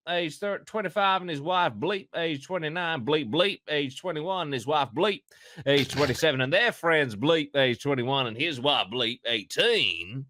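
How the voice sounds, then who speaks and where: A man's voice: pushed and bright, dry recording, studio quality. A man putting on a drawling fifty-year-old Kentucky farm woman. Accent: put-on Kentucky American. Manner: slow, drawn-out reading in an exaggerated high drawl. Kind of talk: comic read-aloud on a podcast.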